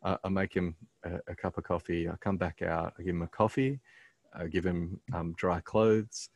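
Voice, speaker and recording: A man casually telling a personal story on a podcast, halting with many ums and restarts, earnest as he reflects on his faith. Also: sits low, fairly even intonation, no echo.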